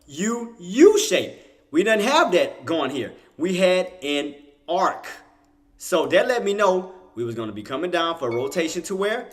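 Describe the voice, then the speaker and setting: Animated man bragging over live trades. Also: sits high, measured pace. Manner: animated, bragging, laughs often, talks to chat. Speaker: trading livestream host. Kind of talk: casual live market commentary.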